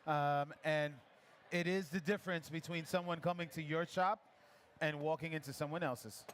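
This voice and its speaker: Brief: male barista instructor, slightly high voice, chatty encouraging coach, live festival demo. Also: fairly even intonation, slight background noise. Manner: encouraging, chatty, gives quick pouring cues. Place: coffee festival demo area.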